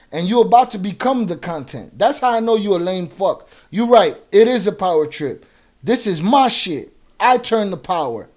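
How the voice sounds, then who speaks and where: A man with a high-pitched voice hosting a live reaction stream. He talks casually and with plenty of profanity, leans on street slang and gets confrontational with the chat. Now and then he reads viewer comments out loud. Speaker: livestream reaction host.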